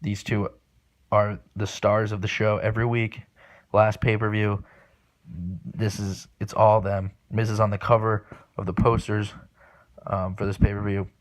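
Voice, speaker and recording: A man hosting a solo podcast, giving casual spoken predictions with lots of ums and restarts, excitable and swearing, recorded without his usual microphone. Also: fairly low pitch, a little slow. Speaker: podcast host. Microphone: not his usual microphone.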